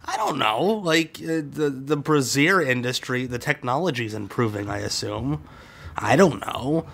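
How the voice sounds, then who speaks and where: A man's voice: medium pitch, lively intonation, a little slow, vocal fry, a bit bright. A man co-hosting a podcast in casual chat, rambling with self-mocking jokes. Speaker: podcast co-host.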